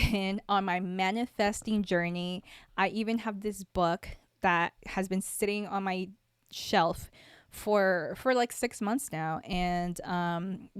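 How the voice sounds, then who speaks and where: A young woman talks unhurriedly on her solo podcast, her voice smooth and clear. She rambles and reflects, circling back with fillers and restarts. The sound is dry and close, with no room around it. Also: lowish voice, no echo. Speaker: podcast host. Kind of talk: casual solo podcast talk.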